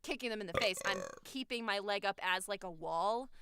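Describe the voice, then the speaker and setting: A young adult woman co-hosting a casual podcast, talking bluntly with lots of swearing and animated storytelling. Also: medium pitch, a little fast, noisy background. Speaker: podcast co-host.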